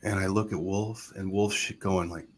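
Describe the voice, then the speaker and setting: A man's voice: deep voice, normal speed, a little hiss or hum. A man telling a long personal story on a live talk show, rambling and acting out what people said. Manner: rambling, animated retelling with quoted voices. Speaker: guest storyteller.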